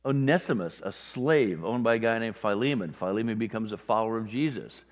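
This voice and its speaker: A man delivers a sermon in an easygoing, conversational manner, his voice sitting on the low side. He slips into quick little character voices for the people in his examples. The sound carries a long reverb from a large sanctuary. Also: lively intonation. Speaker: pastor.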